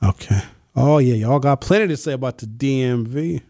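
A man's voice: mid-range voice, moderate pace, dark tone, no echo, clean studio sound. A man hosting a call-in talk show in a chatty, joking way. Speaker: radio talk show host. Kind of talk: casual call-in show chat.

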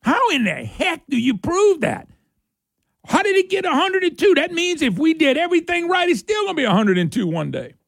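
A man hosting an opinionated political talk show, sarcastic and quick to laugh. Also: wildly swooping pitch, gravelly, fairly bright tone, no room sound, studio quality. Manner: sarcastic, laughs often, voice jumps high when mocking. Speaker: radio talk show host.

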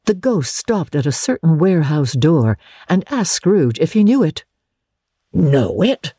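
An audiobook narrator giving a measured, expressive storybook reading in a dry studio booth. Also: mid-range voice, dry recording.

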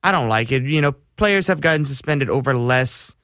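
A man's voice: medium pitch, expressive, normal speed, fairly bright tone, no room sound, clean studio sound. A man co-hosting a sports radio show, airing heated, exasperated opinions. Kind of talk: casual sports talk.

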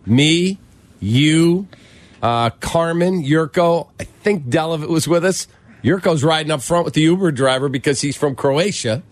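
A man chats casually on sports talk radio, his voice sitting a little high. The recording is very dry and close, with no room sound at all. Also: no echo.

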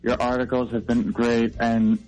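Man, radio caller, earnest, halting, mid pitch, faint music. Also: level tone, darkish tone, rough recording. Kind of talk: phone-in tribute.

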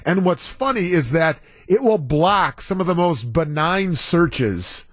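A man's voice: on the high side, expressive, slow pace, no room sound. A male radio talk show host chatting casually into a studio microphone, rambling off on tangents and reading listener texts.

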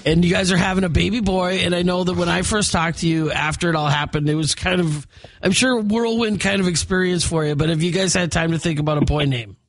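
A woman's voice: lowish voice, fast. A woman hosting a live morning radio show, chatty and full of fillers. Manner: chatty, many fillers and restarts. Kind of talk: upbeat live radio banter. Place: radio studio.

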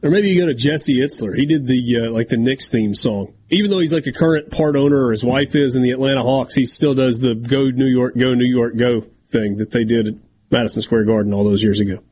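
A man's voice: medium pitch, fast talker, darkish tone, a little hiss or hum. A man hosting a sports talk radio show, chatting casually and reading sponsor copy. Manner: talkative, leads the segments.

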